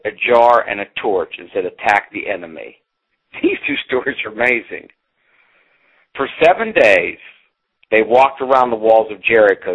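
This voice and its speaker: A middle-aged man giving a motivational pep talk in emphatic, punchy short phrases. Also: medium pitch. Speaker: motivational speaker. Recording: phone-like radio broadcast.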